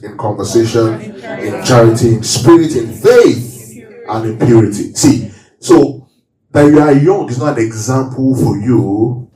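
A man's voice: mid-range voice, mellow. A man preaching as a pastor, leading his congregation through call-and-response Bible reading and teaching from the verses. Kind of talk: sermon. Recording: roomy hall, voice from far off.

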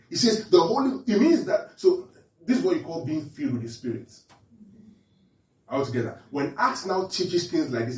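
A man's voice: mid-range voice, darkish tone. A man preaching and teaching from the Bible, often quizzing his listeners with repeated questions. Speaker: pastor. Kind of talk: interactive Bible teaching sermon. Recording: echoey room, mic at a distance.

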